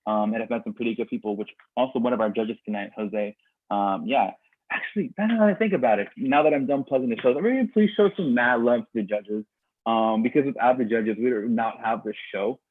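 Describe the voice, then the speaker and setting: A man's voice: mid-range voice, brisk. A man hosting a poetry slam livestream in a casual, rambling way full of fillers and tangents, his voice getting worn out. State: losing his voice. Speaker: slam host. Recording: dry tinny phone-like sound.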